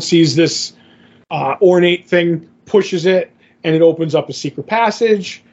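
A man's voice: a little high, highs cut off. A man co-hosting a podcast, recapping a comic issue in a loose, rambling way full of "like" and "kind of a deal". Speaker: podcast co-host. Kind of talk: casual comic book recap.

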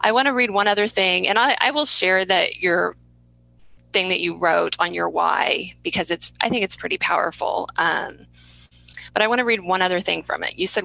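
A woman's voice: lowish voice, moderate pace, creaky, sharp tone, dry recording, low-quality recording. A woman hosting a podcast, talking in a heartfelt, rambling way with many restarts. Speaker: podcast host. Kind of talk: interview conversation.

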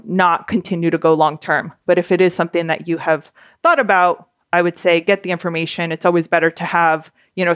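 A woman's voice: fairly low pitch, smooth, no room sound, studio quality. A young adult woman hosting a podcast, talking candidly in a chatty way with lots of fillers. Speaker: podcast host. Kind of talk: casual podcast monologue.

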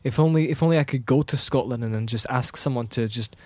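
A man in casual chat, talking in halting bursts with many restarts. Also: medium pitch, a little mellow, no room sound, studio quality. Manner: halting, restarts often while practicing an accent.

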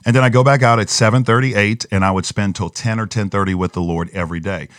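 Deep-voiced pastor telling a story. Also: male voice, fairly even intonation, quick pace, a bit bright, no room sound, studio quality. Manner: earnest storytelling, acts out inner voices. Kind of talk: podcast conversation.

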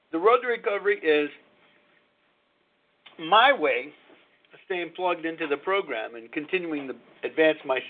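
A middle-aged man hosts a live call-in show with candid, confessional talk. His voice sits a little high for a man and reaches the listener through a narrow, phone-like channel. He reflects openly and speaks without polish.

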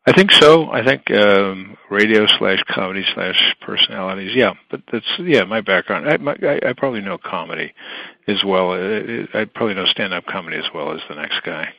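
Brief: low-voiced male interview guest who rambles and restarts, dull dry recording. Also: brisk, no echo. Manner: rambling, many fillers and restarts. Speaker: guest, entertainment manager. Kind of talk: casual interview talk.

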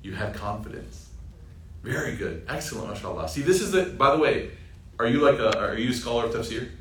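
A young man teaching an informal Quran reflection class, lively and joking, often asking the audience questions. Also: mid-range voice, a little fast. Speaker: Islamic teacher. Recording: roomy sound from a distant mic with faint ambient noise.

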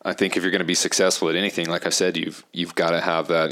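A man's voice: low voice, animated, fast talker, a bit bright. A man hosting a podcast, reflecting on his guest's story in an encouraging way. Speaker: podcast host. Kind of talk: casual podcast conversation.

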